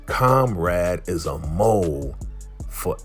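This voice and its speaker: A man's voice: low voice, expressive, takes it slowly, soft background music. A man vlogger giving a chatty, streetwise recap of a TV episode. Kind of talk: casual recap.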